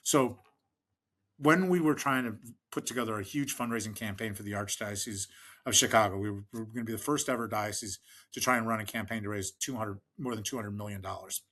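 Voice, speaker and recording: A middle-aged American man with a fairly low, fairly bright voice talks briskly as a fundraising expert guesting on a podcast interview. He tells long conversational anecdotes, restarting often, leaning on fillers, and acting out the people he quotes.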